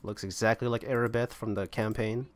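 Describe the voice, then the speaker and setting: A man's voice: lowish voice, steady tone, a little fast. A man giving casual gameplay commentary, thinking aloud and rambling as he explores an online game. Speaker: gamer playing online roleplaying servers.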